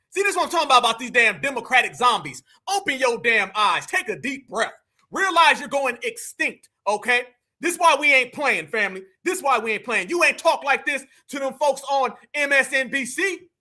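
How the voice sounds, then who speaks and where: A man giving heated, profane reaction commentary and often shouting. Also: extremely high pitch, animated, a little fast. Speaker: political commentator reacting to clips.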